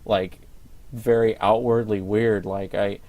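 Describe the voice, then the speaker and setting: A young man with a very low, deep voice chats casually on a podcast. He rambles, circling back with fillers and restarts. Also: little pitch movement, takes it slowly, warm tone. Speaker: podcast co-host. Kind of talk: casual chat.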